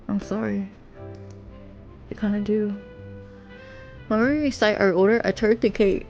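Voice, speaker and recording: A young woman reads a romance game aloud in a middle-pitched voice, breaking off to giggle and ramble. Bright game music plays steadily behind her. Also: a little fast, pauses often, lo-fi sound. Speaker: streamer. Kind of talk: reading a story game aloud with asides.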